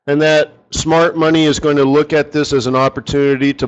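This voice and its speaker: A man's voice: fairly high pitch, moderate pace, hardly any pauses, dull audio. A man running a live forex strategy session, talking casually and rambling, often asking his audience rhetorical questions.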